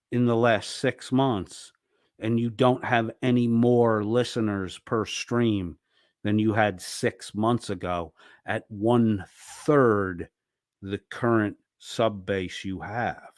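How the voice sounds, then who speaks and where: Man, low pitch, dry close sound, furious profane rant. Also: slow pace, no echo. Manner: angry, profane, berating. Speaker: streamer. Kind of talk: ranting monologue.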